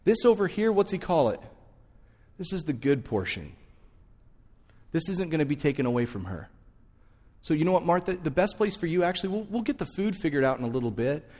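A male pastor voicing Jesus as a gentle, calming man who speaks softly and reassuringly, in a church with long reverb. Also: fairly high pitch, a little fast, long pauses. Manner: soft, reassuring.

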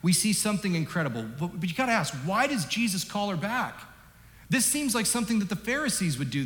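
Emphatic pastor in an echoing church hall. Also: male voice, sits high. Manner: animated, emphatic, varies loudness. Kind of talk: sermon. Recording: echoey hall with long reverb.

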